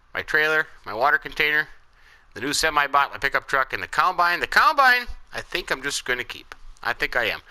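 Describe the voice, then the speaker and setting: Man, casual gameplay commentary, folksy, animated pitch, sharp bright timbre. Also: rough recording. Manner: folksy, talks to himself while playing. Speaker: gaming channel host.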